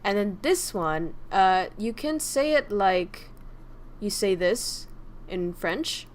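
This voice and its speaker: A woman's voice: medium pitch, expressive, takes it slowly, a little hiss or hum. A young woman from Vietnam, chatting casually and teasing her viewers while teaching her language on a livestream, swearing freely.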